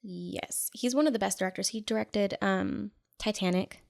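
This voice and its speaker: A young woman co-hosting a podcast in casual chat, animated and jumping into funny voices when she quotes people. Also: medium pitch, normal speed, vocal fry. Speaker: podcast co-host.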